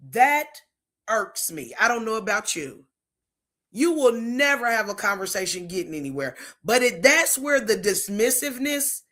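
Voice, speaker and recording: Bright, blunt woman host. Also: fairly high pitch. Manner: blunt, emphatic, preachy, demonstrates tones. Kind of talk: faith-based talk monologue.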